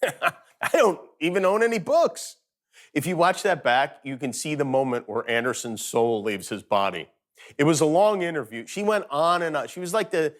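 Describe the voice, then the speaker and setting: A man's voice: medium pitch, fairly bright tone. A man hosting a late-night show, delivering a sarcastic comedic monologue from home.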